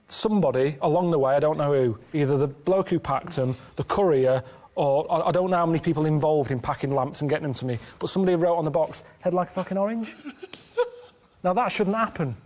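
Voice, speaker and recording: Deadpan complaining man in his thirties. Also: fairly high pitch, a little fast. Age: 30s. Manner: deadpan, plain-spoken complaining. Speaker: show's travelling guest. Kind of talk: casual chat with banter.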